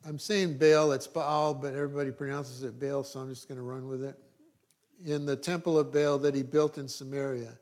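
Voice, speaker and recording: A man's voice: medium pitch, little pitch movement, brisk, a little mellow. A middle-aged male pastor preaching a sermon, reading scripture and adding dry joking asides.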